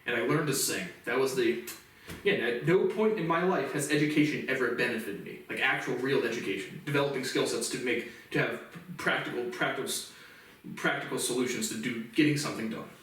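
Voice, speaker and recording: A man's voice: mid-range voice, fairly bright tone. A man in a profane, agitated ranting monologue, stacking up "literally" again and again. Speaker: vlogger. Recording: echoey room, speaker far from mic.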